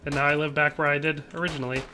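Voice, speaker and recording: A man's voice: on the high side, little pitch movement, rapid-fire, bright, forceful tone, slight background noise. A man from Wisconsin, chatting casually with his viewers while he plays a game on a live stream. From Wisconsin, USA. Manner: chatty, reads viewer chat aloud and answers it.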